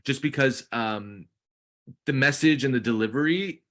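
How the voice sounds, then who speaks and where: A man's voice: medium pitch, a little slow, fairly bright tone. A man coaching a real estate agent on a live call, upbeat and rambling with lots of fillers.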